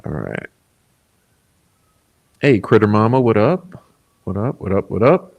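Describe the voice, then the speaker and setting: Laid-back lower-voiced man hosting a livestream. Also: big pitch swings, unhurried, gravelly, phone-quality sound. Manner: laid-back, chuckling, rambling with many fillers. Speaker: livestream host. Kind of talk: casual livestream chat reading comments.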